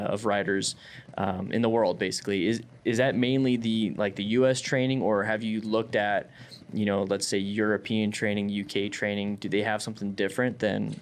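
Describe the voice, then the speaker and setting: Low-voiced man hosting an interview. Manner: eager, laughs easily, hesitant restarts. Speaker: interview host, firefighter and EMT. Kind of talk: casual interview chat.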